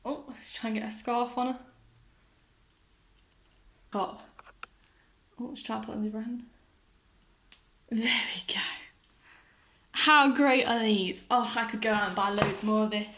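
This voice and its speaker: A woman narrates a toy unboxing, gushing over every detail and chatting straight to her viewers. Her voice is bright and lifted, sitting a little high. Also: steady tone, a little slow, long pauses, a little hiss or hum. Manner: gushing and enthusiastic, talks to viewers.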